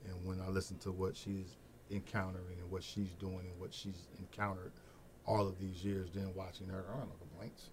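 A middle-aged man from Peoria, speaking as a guest in a casual podcast interview, an animated storyteller who laughs as he talks about his family. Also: low voice, brisk, a little hiss or hum. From Peoria, Illinois. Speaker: guest, Head Start program director.

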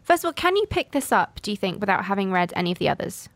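A woman's voice: medium pitch, sing-song, quick pace, dry recording. Woman host asking friendly questions. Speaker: book show host. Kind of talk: radio book chat.

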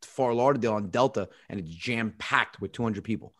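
A man's voice: lowish voice, brisk, fairly bright tone. A man hosting a podcast, chatting casually and telling stories bluntly, with plenty of swearing. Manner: blunt, profane storytelling. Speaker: podcast host.

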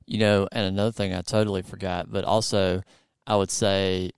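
A man's voice: sits low, little pitch movement, moderate pace, smooth, no echo, studio quality. A man with a Southern US accent hosting a casual interview, rambling with lots of fillers. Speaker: podcast host.

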